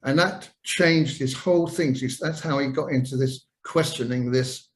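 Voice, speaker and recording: A man's voice: mid-range voice, moderate pace, rough recording. An older man, a guest in an interview, telling long anecdotes with many fillers and restarts. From England. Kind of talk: storytelling interview.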